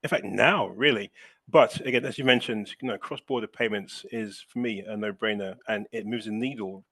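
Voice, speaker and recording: A man's voice: fairly low pitch, normal speed, fairly bright tone, dry recording. A man speaking as a webinar panelist over a video call, emphatic and full of "you know" fillers.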